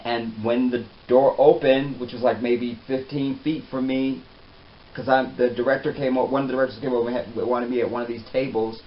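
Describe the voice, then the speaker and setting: A man telling a personal story in a casual, animated way, often trailing off softly. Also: medium pitch, brisk. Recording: slightly dull with faint hiss.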